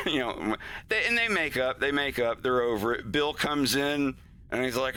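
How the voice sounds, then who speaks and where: A man's voice: medium pitch, lively intonation, moderate pace, sharp tone. A man chatting casually on a stream about his cartoon's scenes, rambling, laughing often and acting out his characters' lines. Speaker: animator streaming his work.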